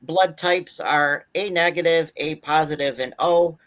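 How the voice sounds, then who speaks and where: A man's voice: on the high side, a little slow, a bit bright. A man from the Buffalo area hosting a wrestling talk show, reading out announcements in a rambling way with many fillers. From Buffalo area, New York. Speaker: host.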